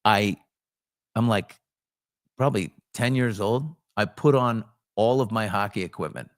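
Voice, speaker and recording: A man's voice: lowish voice, unhurried, dry recording, clean studio sound. A male podcast host chatting casually, telling stories and jokes candidly and swearing freely. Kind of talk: casual chat and joke telling.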